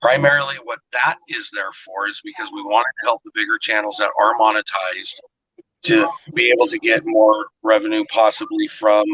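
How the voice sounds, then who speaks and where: A man's voice: lowish voice, sing-song, normal speed, pushed and bright, breathy edge, dry recording, dull audio. A man hosting a casual cooking livestream, explaining the rules at length and checking in with "okay?". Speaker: host of a cooking channel event.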